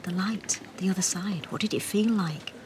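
A woman's voice: medium pitch, normal speed, background noise, close to an everyday voice. An actress playing a grieving woman who presses insistently for answers. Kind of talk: TV drama acting.

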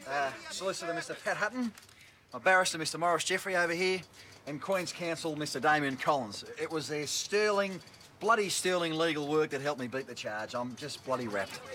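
A brash Australian crook. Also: male voice, a little high, a little fast, bright, forceful tone, slight background noise. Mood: mock-grateful. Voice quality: coarse, swears constantly, bossy. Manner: mocking, boisterous, bosses people around. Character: brash boastful male career criminal, cheeky and crude. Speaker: convicted criminal giving a television interview. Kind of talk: film drama.

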